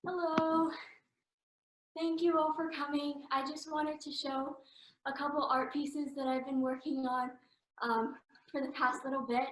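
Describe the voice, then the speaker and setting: A young woman walks through her own art pieces in a relaxed, halting way, filling her pauses with ums and sounding slightly out of breath. Her voice sits a little high, and the room around her echoes noticeably. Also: a little hiss or hum. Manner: hesitant, with frequent ums. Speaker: art student presenting her work. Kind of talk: casual showcase talk.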